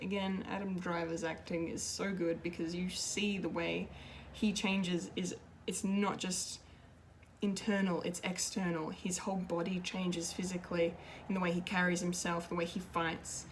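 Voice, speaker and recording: A woman's voice: lowish voice, a little hiss or hum. A woman giving an unscripted, emotional film review, gushing and restarting her sentences with many fillers. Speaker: pop culture video reviewer.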